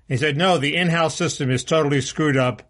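A man's voice: fairly high pitch, fairly quick, a bit bright. A man co-hosting a casual political podcast, talking bluntly and restarting his sentences often. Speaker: co-host.

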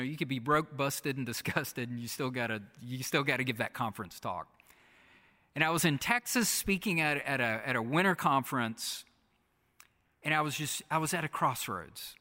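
Male pastor, mid-pitched, preaching sermon style with repetition and soft hushed drops, long hall reverb.

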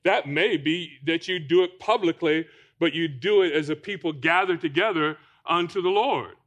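A man's voice: on the high side, moderate pace, fairly bright tone. A man preaching a sermon to a congregation, asking them rhetorical questions. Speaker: pastor.

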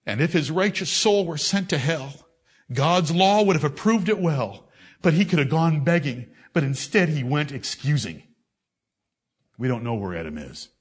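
In a scolding, confrontational fiery sermon, this male preacher shifts from loud, elevated declaiming down to low, intense reasoning pointed straight at his listeners. He talks at a normal speed with lively intonation and a slightly rough voice.

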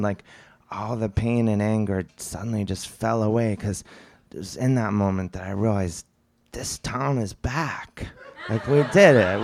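A man telling a comic story on stage, rambling and animated, with lots of fillers and asides. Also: fairly low pitch. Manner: rambling, animated, self-mocking with many fillers. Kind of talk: stand-up storytelling.

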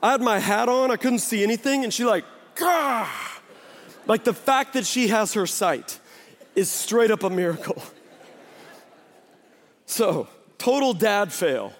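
A man in his thirties preaching a sermon as a pastor, animated, often acting out the voices of people and of God. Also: high voice, unhurried. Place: church sanctuary. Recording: long hall reverb in a church.

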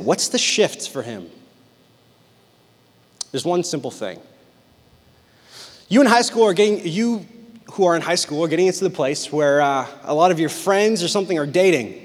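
A man with a fairly high voice delivers an animated, humorous sermon to a youth group, hamming up quoted lines for laughs. His voice rings with a long reverb off the walls of a big hall. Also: moderate pace, long pauses. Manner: animated, joking, acts out quotes. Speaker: youth pastor. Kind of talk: storytelling sermon to teens.

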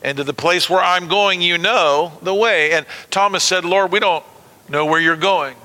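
Male pastor, high ringing bright voice, lively sermon, call-and-response with congregation, long hall reverb. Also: moderate pace. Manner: animated, calls out to the congregation. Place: church sanctuary.

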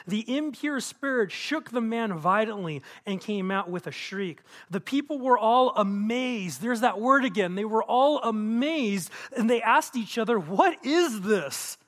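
A man preaching to his congregation in a church, animated, acting out quotes and asking the room questions. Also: sits high. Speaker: pastor. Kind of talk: sermon. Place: church auditorium.

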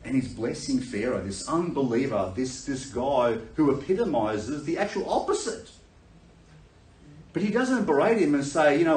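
A man preaching a sermon, telling a Bible story in a lively way and acting out the characters with laughter. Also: fairly high pitch, moderate pace. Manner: animated storytelling, acts out voices with laughter. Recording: echoey room, voice from a distance.

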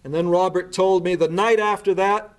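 A man speaks in a noticeably high voice for his sex. He tells a story earnestly in a spoken talk. He lays out events in order and often restarts his words mid-phrase. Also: steady tone, normal speed, clear, resonant tone. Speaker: speaker recounting a case.

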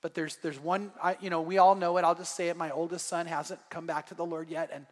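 A man's voice: on the high side, level tone, a little fast. A middle-aged man preaching a sermon as pastor, earnest and building to fervent emphasis. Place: church sanctuary. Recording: long echo of a large church hall.

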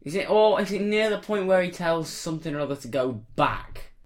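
A man's voice: sits high, animated, brisk. A man, a quiz contestant who hesitates and trails off in casual chat. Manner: hesitant, trails off mid-sentence.

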